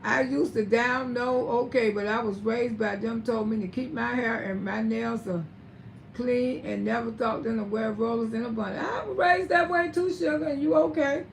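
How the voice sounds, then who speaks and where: High-voiced older woman scolding bluntly. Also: fairly even intonation, moderate pace, creaky, slight background noise. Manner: blunt, scolding, swears freely. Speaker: livestream host. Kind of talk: live-stream commentary.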